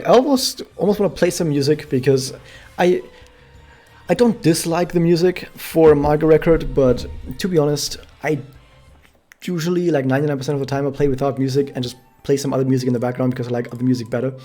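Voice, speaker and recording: A man's voice: mid-range voice, mellow. Chatty German man streaming a game. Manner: chatty, rambling, self-correcting. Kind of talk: casual live-stream commentary.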